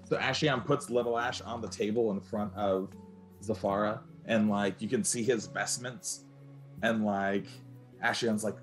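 A man's voice: lowish voice, fairly even intonation, measured pace, faint music behind. A man playing a tabletop game, telling his character's actions in a rambling way with many restarts. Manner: rambling, full of likes and restarts. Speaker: player.

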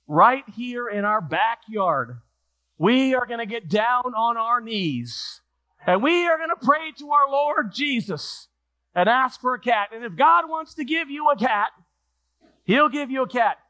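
A man voicing an excited church mother who gushes through her story at a high pitch. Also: moderate pace, exaggerated voice. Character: chatty excited church mom, adult woman.

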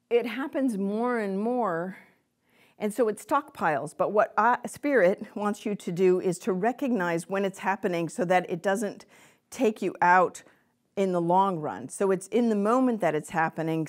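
A woman at a middle pitch, speaking to a live audience in a room during an informal spiritual workshop. She rambles in a chatty way, breaks off mid-word and starts again, and fills her pauses with ums and uhs. She laughs often and grows lively when she acts out a quote. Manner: chatty, rambling, with many fillers and self-interruptions. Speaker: lecturer on empaths.

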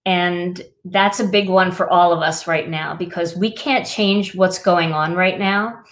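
A woman's voice: fairly low pitch, steady tone, a little slow. Woman, middle-aged, crafting show host, casual chat, reflective, filler words. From Wisconsin. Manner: chatty, reflective, many fillers.

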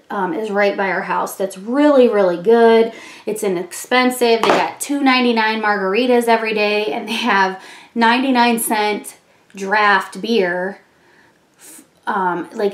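A middle-aged woman chatting casually while doing her makeup, telling stories with plenty of fillers and frequent laughs. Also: mid-range voice. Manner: chatty storytelling, laughs often, many fillers. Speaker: beauty vlogger. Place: room at home. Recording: echoey home room.

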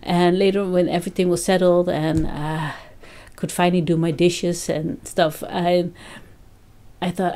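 A woman's voice: on the low side, flat delivery, a little slow, mellow. A woman vlogger chatting casually to her fans, laughing often as she tells a story. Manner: laughs often, breaks off and restarts.

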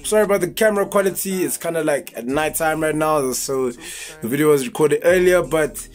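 A man's voice: a little high, brisk, soft background music. A young man, chatting casually as a comedy YouTuber introducing his video. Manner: laid-back, chatty, slangy greetings.

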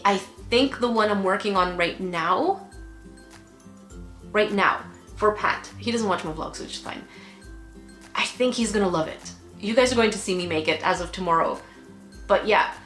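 A woman's voice: medium pitch, fairly bright tone. A young woman vlogging casually from bed while unwell, chatty and emotional, laughing often. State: unwell, tired. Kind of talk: casual chat. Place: bedroom at home. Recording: echoey room with faint music.

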